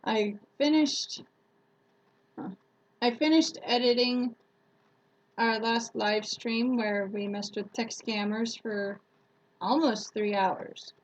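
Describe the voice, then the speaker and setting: A woman's voice: a little high, slow, pauses often, low-quality recording. A woman YouTuber chatting casually on a live stream who laughs often and retells stories with acted-out quotes.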